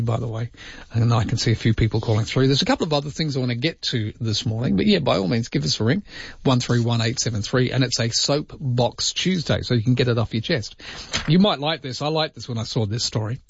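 A middle-aged man with an Australian accent, hosting a casual talk radio show, jokey and animated. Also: medium pitch, brisk, gravelly, slightly rough, dry recording, dull audio. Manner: jokey, animated, puts on voices. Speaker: radio host.

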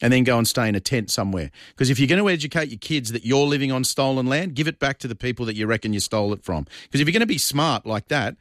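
A man's voice: medium pitch, expressive, fast talker, hardly any pauses, a bit bright, no room sound, studio quality. A man with an Australian accent hosting a talkback radio show, blunt and combative with callers and listeners.

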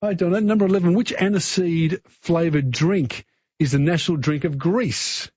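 A man's voice: on the high side, normal speed, darkish tone, breathy edge, no echo, dull audio. A man hosting a radio talkback quiz, chatty and encouraging, giving callers hints.

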